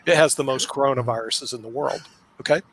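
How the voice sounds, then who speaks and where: A man's voice: mid-range voice, fast talker, fairly bright tone, slight background noise, rough recording. A man hosting a casual online panel discussion, blunt and sarcastic, making jokes.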